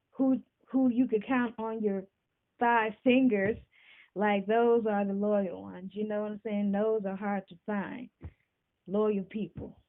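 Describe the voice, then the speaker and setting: A woman hosting a podcast, talking casually and warmly about friendship, often asking "you know what I'm saying". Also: fairly high pitch. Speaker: podcast host. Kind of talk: casual talk to camera. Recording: tinny phone-like sound.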